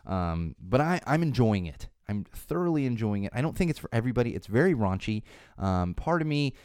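A man's voice: medium pitch, very animated, fairly quick, a little mellow, smooth, dry recording, clean studio sound. A man in his thirties from the Chicago area, hosting a casual solo podcast in a rambling, sarcastic, ranting way. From Chicago area, USA. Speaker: podcast host.

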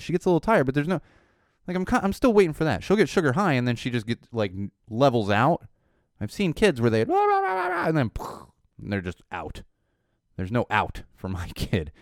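Lively, slightly hoarse man chatting. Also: mid-range voice, no echo, clean studio sound. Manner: rambling, animated, frequent "uh" fillers. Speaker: podcast host. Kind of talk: casual solo chat.

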